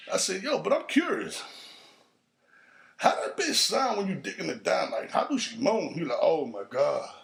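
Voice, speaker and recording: A podcast host's creaky, slightly bright voice carries a crude street story told as a casual, profane monologue. He jumps into higher voices whenever he quotes someone.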